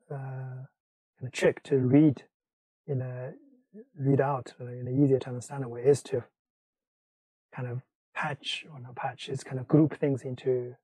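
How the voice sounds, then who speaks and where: A man teaching a language lesson, explaining in English between slow examples with many fillers. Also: medium pitch, steady tone, warm tone, breathy edge, no room sound, low-quality recording. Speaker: Mandarin teacher.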